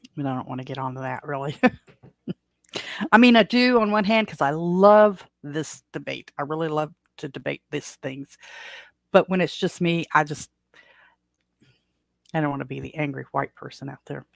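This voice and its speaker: A woman's voice: deep voice, normal speed, vocal fry, no room sound. A woman from the United States hosting her own podcast, chatting casually on her own and rambling with many fillers and restarts. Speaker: podcast host. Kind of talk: casual solo chat.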